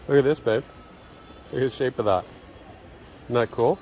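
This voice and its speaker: A Canadian man giving relaxed, casual walking commentary to his viewers and partner at a garden nursery. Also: medium pitch, moderate pace, poor audio. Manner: relaxed, chatty, addresses viewers and partner often. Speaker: travel vlogger. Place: garden nursery, outdoors and in greenhouse. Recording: outdoor recording with background noise.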